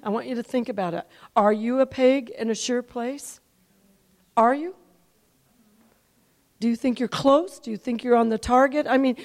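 A high-pitched woman delivering a sermon full of personal stories. She draws the congregation in with soft, confiding lines, then climbs into fervent, almost shouted declarations at the climaxes. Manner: animated, rises to near-shouting when telling dramatic parts. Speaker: preacher. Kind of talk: sermon storytelling.

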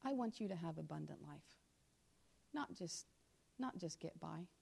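Husky and creaky, with lively intonation, a woman sermonizes before her church congregation, teaching in ministry alongside her pastor husband. Scripture comes out slow, loud and emphatic; her asides drop low, quick and confiding, and she puts direct questions to the congregation.

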